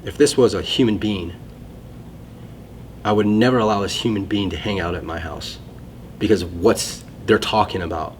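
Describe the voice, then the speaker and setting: A man's voice: low voice, moderate pace, long pauses, slight background noise. A man in casual conversation, sharing a personal testimony in a rambling, self-interrupting way.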